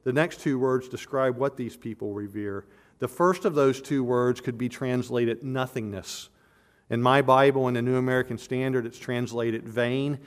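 A man's voice: medium pitch, fairly even intonation, normal speed. A man preaching an expository sermon, earnest and emphatic, often restarting and repeating words as he builds to a point. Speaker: pastor.

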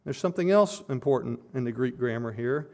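A man's voice: mid-range voice, animated, fairly quick, darkish tone. A man preaching an expository sermon, earnest and building to emphatic peaks as he explains a scripture passage verse by verse.

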